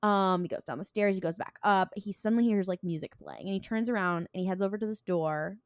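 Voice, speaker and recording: A woman's voice: medium pitch, fast, no room sound. Woman, young adult, podcast co-host, casual recap, acts out quotes, dry close sound. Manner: animated retelling, voices characters, laughs often.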